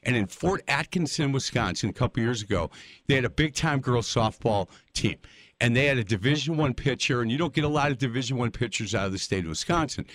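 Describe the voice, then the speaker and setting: An older man hosting a casual interview, telling stories in a folksy, animated way. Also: mid-range voice, fairly quick, no room sound. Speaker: interview host.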